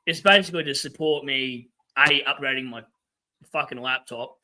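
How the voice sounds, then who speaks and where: A man's voice: mid-range voice, moderate pace, sharp tone. A young Australian man hosting a fantasy football livestream, ranting and swearing in a casual chat with asides to his viewers. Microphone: webcam setup.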